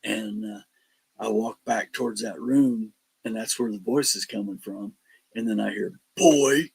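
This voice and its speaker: Gravelly, husky man telling stories. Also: fairly low pitch, moderate pace, poor audio. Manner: animated storyteller, acts out quotes, laughs between lines. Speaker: paranormal investigator guest. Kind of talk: casual storytelling on a podcast.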